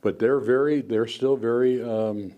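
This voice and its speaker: A man's voice: medium pitch, fairly even intonation, a little slow, muffled recording. An older man in his seventies from the United States, a veteran guest speaker telling stories to an audience in a rambling way, often restarting his sentences. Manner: rambling, frequent restarts and fillers. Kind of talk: storytelling talk to an audience. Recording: faint background noise.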